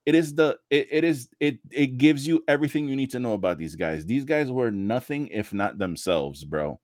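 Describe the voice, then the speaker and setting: A man on a casual wrestling podcast, telling animated stories, swearing freely and acting out the people he quotes. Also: mid-range voice, normal speed, dry recording, clean studio sound. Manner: animated storytelling, heavy swearing, acts out quotes.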